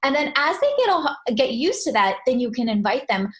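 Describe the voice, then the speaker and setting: A woman in her thirties, a guest on an interview show, telling stories in a lively conversational way. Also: normal speed. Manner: animated, pitch jumps up when quoting her child. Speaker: guest, meditation author. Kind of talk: conversational storytelling.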